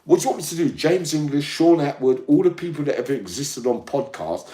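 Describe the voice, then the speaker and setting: Older man ranting, lively swooping pitch. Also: a little fast, reverberant. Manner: profane, combative, keeps asking "yeah?". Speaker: online channel host. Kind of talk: ranting monologue to viewers.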